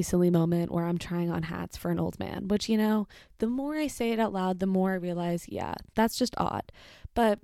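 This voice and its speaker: A young woman with a gravelly, dark-toned voice tells a story in a casual, chatty way, full of "like" and the odd swear word. The sound is dry and close, with no room around it. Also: fairly low pitch, dry recording. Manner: chatty, lots of "like", animated retelling with swearing. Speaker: retail worker telling a story.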